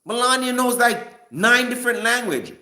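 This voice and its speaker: A man's voice: extremely high pitch, very animated, normal speed, sharp tone, reverberant. A man giving a casual, rambling opinion rant to a live chat, stumbling and restarting often. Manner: rambling, frequent restarts and stammers. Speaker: live-stream commentator.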